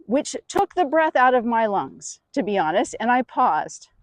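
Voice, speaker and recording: A middle-aged woman tells a personal story with lively, expressive energy. Her voice sits a little high. The sound is dry and close, with no room around it. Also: a little slow, no echo. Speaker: speaker. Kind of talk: storytelling talk.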